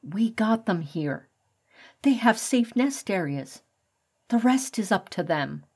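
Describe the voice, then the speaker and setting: A woman's voice: medium pitch, expressive, slow, a little mellow, slightly rough, full character voice. A woman reading a stern father rat. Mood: weary. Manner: stern, lecturing. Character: adult male rat, worried protective father.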